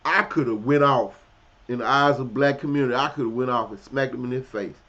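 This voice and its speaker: A commentary vlogger tells a blunt, profane personal story in casual street slang, talking a little fast and lurching between loud, heated outbursts and low, quiet asides. The audio is dull and lo-fi.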